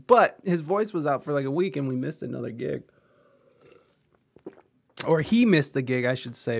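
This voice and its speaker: A man's voice: mid-range voice, creaky. A man giving rambling, profane, offhand reaction commentary on videos.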